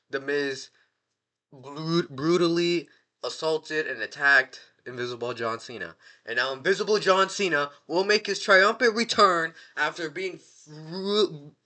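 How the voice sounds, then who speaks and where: Excitable man ranting on a vlog. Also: fairly high pitch. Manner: excitable, slangy, rambling with restarts. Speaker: wrestling fan vlogger. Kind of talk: casual prediction rant.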